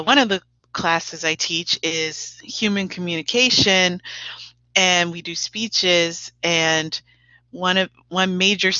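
A woman teacher and playwright speaking as an interview guest, measured and laughing often. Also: lowish voice, pushed and bright, no room sound. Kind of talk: conversational interview. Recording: dull dry lo-fi recording.

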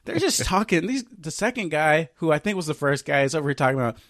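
A man co-hosting a podcast, telling a story in casual chat, animated and profane, acting out what others said. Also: a little high, fast talker, dry recording, clean studio sound. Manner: animated, profane, acts out quoted voices. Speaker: podcast co-host.

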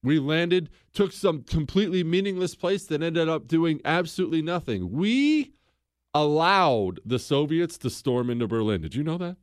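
A man's voice: on the high side, moderate pace, no room sound, clean studio sound. A man hosting a casual history podcast, telling events with sarcastic asides and acting out quoted lines. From United States. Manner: sarcastic, animated, acts out quotes. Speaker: podcast host.

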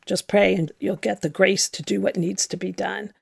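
A woman's voice: medium pitch, steady tone, moderate pace, vocal fry, breathy edge, dry recording, clean studio sound. A middle-aged woman, a former nun, telling her own story in a candid, reflective and emphatic way. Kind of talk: personal storytelling.

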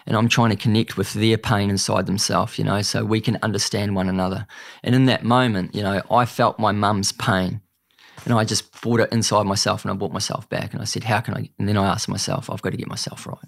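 Gravelly earnest New Zealand man. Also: lowish voice, flat delivery, dry recording. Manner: earnest, repeats "mate", halting restarts. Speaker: guest. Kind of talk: emotional personal story in a podcast interview.

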